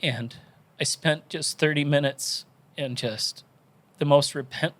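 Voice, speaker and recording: A man's voice: on the high side, slow pace. Tearful man telling his faith story. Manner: earnest, animated storytelling with quoted inner voices. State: tearful, crying. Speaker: podcast guest.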